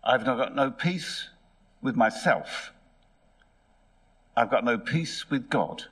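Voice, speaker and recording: A man's voice: mid-range voice, expressive, takes it slowly, a bit bright, husky, heavily acted. Glum, torn young man voiced by a male preacher, pleading and troubled.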